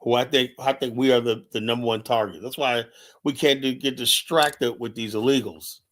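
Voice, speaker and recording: A man's voice: mid-range voice, steady tone, normal speed, fairly bright tone. A man in a mid-range voice gives an urgent, emphatic live-stream monologue. He keeps circling back to his points with "you know" and "right?" fillers. His delivery is passionate and conversational rather than scripted. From United States. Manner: urgent, emphatic, repeats himself with many fillers. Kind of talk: impassioned monologue commentary.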